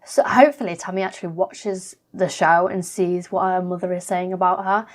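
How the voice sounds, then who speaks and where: A woman's voice: medium pitch, a little mellow. A woman reacting to a reality TV episode in a blunt, chatty way, swearing freely. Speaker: reaction vlogger.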